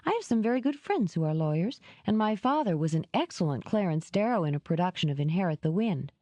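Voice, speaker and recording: A woman's voice: fairly low pitch, sing-song, fast, dark tone, no echo, lo-fi sound. A woman voicing a playful, theatrical young woman who teases and fakes tears. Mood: teasing. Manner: teasing, theatrical, tearful act.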